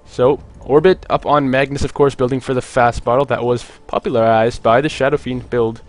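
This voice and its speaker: A young man casting a video game match on his own, chatty and jokey, with many filler words and quick asides. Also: medium pitch, fairly even intonation, soft background music. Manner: rambling, jokey, lots of "like" fillers. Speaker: esports caster. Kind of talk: solo play-by-play commentary.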